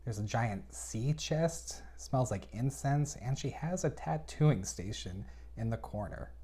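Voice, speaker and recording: A man's voice: medium pitch, expressive, measured pace, mellow. A man giving a casual book review, recapping the plot with chatty, exasperated reactions.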